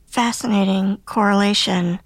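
A woman's voice: medium pitch, steady tone, normal speed, no room sound. A woman hosting, asking curious, probing follow-up questions. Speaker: host, interviewer. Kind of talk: interview questions.

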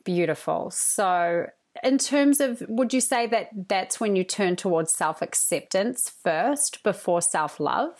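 A woman's voice: medium pitch, expressive, slow pace, hardly any pauses, a little mellow. A woman hosting an interview, asking questions in an admiring, effusive way. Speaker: podcast host interviewer.

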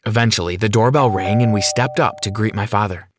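A man narrating a scripted first-person story in a steady, even reading. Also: on the low side, fairly quick.

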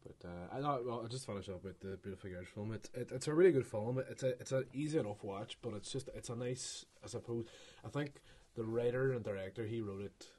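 A man's voice: medium pitch, fast, a little mellow, breathy edge. A man co-hosting a podcast, rambling casually about films and searching for words. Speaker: podcast co-host. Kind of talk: casual film chat.

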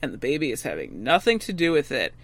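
A woman's voice: very deep voice, huge pitch swings, fast, dry recording. A woman co-hosting a podcast in casual chat, retelling TV scenes and acting out the characters' lines. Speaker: podcast co-host recapping a TV episode.

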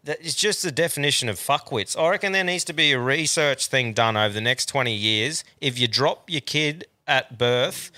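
A man's voice: medium pitch, normal speed, few pauses, pushed and bright, no echo. An Australian man hosting a podcast, chatting casually, laughing often and swearing a lot. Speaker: podcast host. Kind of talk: casual chat.

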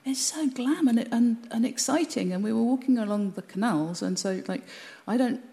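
A woman from Birmingham, a folk musician, chatting with lively enthusiasm and frequent repeated words. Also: a little high, moderate pace. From Birmingham, England. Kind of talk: casual interview chat.

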